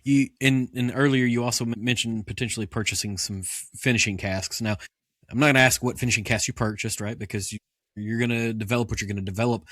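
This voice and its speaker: A man's voice: medium pitch, fairly even intonation, quick pace, a bit bright, no room sound, clean studio sound. A man hosting a casual podcast interview, talking conversationally and often restarting and repeating words. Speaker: podcast host.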